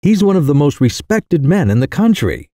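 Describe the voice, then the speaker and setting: A man voicing a fussy elderly country gentleman who grows anxious and indignant as he stammers out his protests. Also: fairly high pitch, sing-song, normal speed, no echo, clean studio sound, pitched above the performer's own voice. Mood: flustered, indignant.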